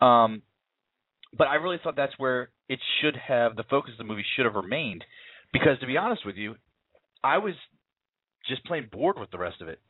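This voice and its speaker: A man's voice: mid-range voice, expressive, normal speed, pauses often, husky, dry recording. A man talking casually about a film he saw, rambling with many fillers and restarts. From United States. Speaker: film reviewer. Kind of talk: casual film review chat. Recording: tinny phone-like line.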